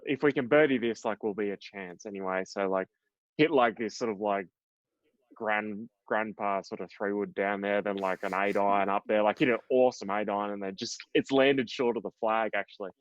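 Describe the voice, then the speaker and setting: Low-voiced Australian man telling stories. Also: no room sound. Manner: rambling, animated, full of fillers and swearing. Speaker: guest, professional golfer. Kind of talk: casual interview storytelling. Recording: dull, dry podcast audio.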